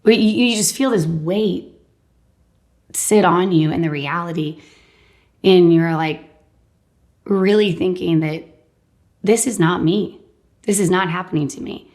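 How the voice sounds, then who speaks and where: A guest in her thirties candidly shares her faith testimony, talking conversationally and saying "like" often. Her voice is lowish and a little mellow, and she speaks unhurriedly with long pauses.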